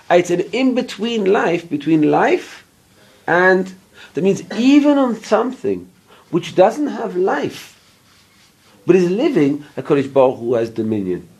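A man's voice: high-pitched, big pitch swings, a little mellow, slightly rough. A man teaching an informal Bible class, explaining verse by verse and checking in with listeners, sometimes stopping to hunt for an English word. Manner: pauses to search for English words. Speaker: Torah teacher.

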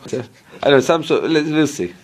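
With a fairly high voice and lively intonation, this man teaches a relaxed Bible class as a Torah teacher. He explains each verse in turn, asks whether listeners are following, and occasionally stops to find the right English word.

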